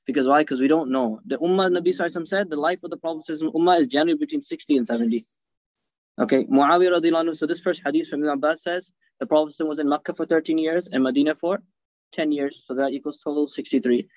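A man teaching a hadith class, animated, asking his listeners rhetorical questions and mixing Arabic phrases into his English. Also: fairly high pitch, very fast, no echo, highs cut off. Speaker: religious teacher.

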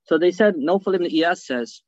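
A man teaching a hadith class, animated, asking his listeners rhetorical questions and mixing Arabic phrases into his English. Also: sits high, moderate pace, dry recording, muffled recording. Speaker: religious teacher.

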